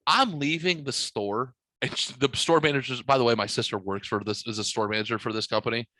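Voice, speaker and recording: A man hosting a podcast rambles through a story in relaxed conversation, cursing often and voicing each line of dialogue. The mid-pitched voice is brisk and sharp, recorded dry with no echo and almost no sense of a room.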